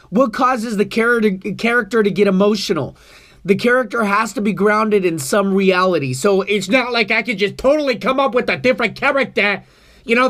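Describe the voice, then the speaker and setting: A man with a high, slightly bright voice vlogs to camera about his acting class. As an improv student, he talks earnestly and rambles, bothered by allergies and coughing.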